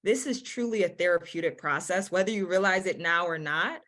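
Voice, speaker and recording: A woman's voice: fairly low pitch, fairly quick, a bit bright. A woman admissions counselor giving earnest, encouraging advice on a video-call webinar, often repeating words and using fillers.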